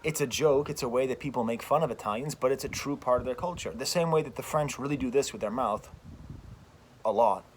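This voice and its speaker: An American man with a middle-pitched voice gives an animated, emphatic rant, circling back to repeat his points. He is recording outdoors as a channel host, and faint outdoor noise sits behind his voice. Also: a little fast. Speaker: French professor, channel host. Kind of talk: casual opinion rant.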